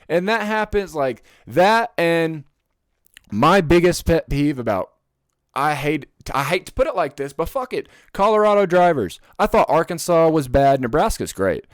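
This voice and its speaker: A young man hosting a casual podcast, ranting in a profane, animated way. His voice is smooth and clear, recorded close and dry with no room sound. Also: high-pitched, moderate pace, no echo. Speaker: podcast host. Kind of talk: casual chat.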